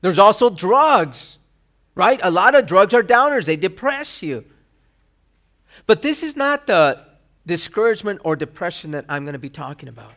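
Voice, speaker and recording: A male pastor with a high voice and big pitch swings preaches a sermon at normal speed. He poses rhetorical questions and acts out quoted lines with sudden loud bursts.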